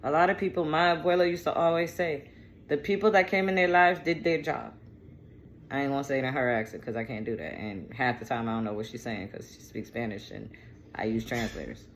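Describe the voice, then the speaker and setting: A woman's voice: rumbling low, fast, a little hiss or hum. A woman giving a casual tarot reading, chatty and digressive, with slang and profanity. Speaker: tarot reader.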